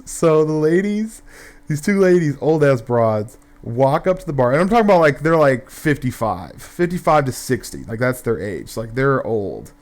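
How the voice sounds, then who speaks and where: A man's voice: mid-range voice, sing-song, moderate pace, a little mellow. A young man telling a rambling, profane story in casual gameplay commentary, full of fillers and restarts.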